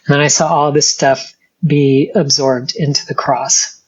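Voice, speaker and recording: Husky woman telling her story. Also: sits low, little pitch movement, muffled recording. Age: middle-aged. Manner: earnest, halting storytelling with many restarts. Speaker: interview guest. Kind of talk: personal testimony in an interview.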